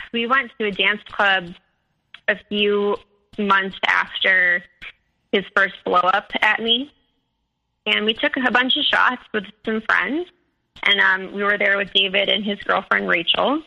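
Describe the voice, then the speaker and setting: A young woman telling her own story as a guest, halting, with many fillers and restarts. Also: mid-range voice, vocal fry, sharp tone, poor audio. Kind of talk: personal storytelling.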